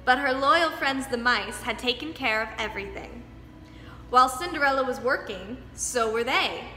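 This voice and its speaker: A young woman dance teacher reading a storybook aloud to children, lively and expressive. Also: high voice, normal speed. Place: dance studio. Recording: echoey studio hall, faint music.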